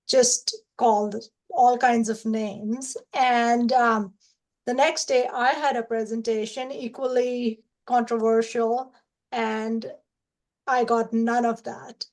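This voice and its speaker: A woman's voice: fairly high pitch, steady tone, slow, a little mellow, low-quality recording. A woman on a discussion panel, speaking thoughtfully with frequent hesitations.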